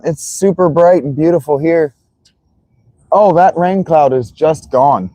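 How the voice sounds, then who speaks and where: A man's voice: fairly high pitch, measured pace, mellow, no echo. A man streaming live as he watches football, chatting casually and greeting viewers by name.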